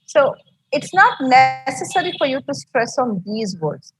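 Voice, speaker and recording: A woman's voice: high voice, sing-song, measured pace, fairly bright tone, breathy edge, faint music behind, rough recording. A woman with an Indian English accent teaching an online English class, explaining patiently and repeating herself, heard over a video call.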